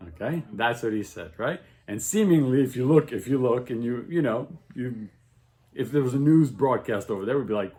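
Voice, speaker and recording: Casual male religious teacher, average pitch, lively storyteller who checks in with his class after every line. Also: moderate pace. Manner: checks in with "okay?" and "right?" constantly; animated storytelling, voice rising with excitement. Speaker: Torah teacher.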